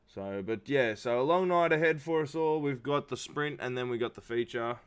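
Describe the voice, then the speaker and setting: A man's voice: medium pitch, moderate pace, clean tone. Man commentating a sim race. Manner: casual, with many fillers and restarts. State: not feeling well. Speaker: sim racing league commentator. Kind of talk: live stream race commentary.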